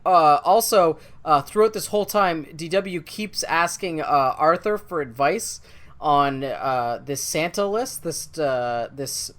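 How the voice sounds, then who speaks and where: A man co-hosting a podcast in casual chat, relaxed and wry, explaining at length. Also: on the high side, takes it slowly. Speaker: podcast co-host.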